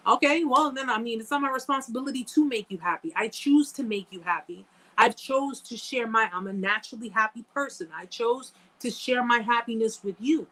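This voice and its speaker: A woman's voice: on the high side, moderate pace, fairly bright tone, low-quality recording. A woman hosting a live chat, talking casually and emphatically to viewers, repeating phrases for effect and thanking them by name. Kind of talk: casual livestream talk to viewers.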